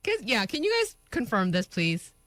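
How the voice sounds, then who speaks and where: A woman's voice: on the high side, huge pitch swings, normal speed, a bit bright, dry recording, clean studio sound. A woman co-hosting a radio show, chatty and easygoing, laughing often. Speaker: radio co-host. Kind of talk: casual radio banter. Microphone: studio microphone.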